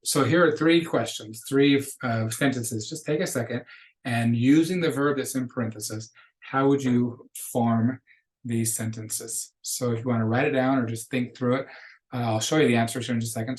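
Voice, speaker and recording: Casting note: middle-aged male teacher, mid-pitched, patient, careful, slows down for examples. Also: steady tone, poor audio. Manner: patient, explanatory, slows to model Spanish phrases. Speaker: Spanish teacher. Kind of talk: recorded lecture walkthrough.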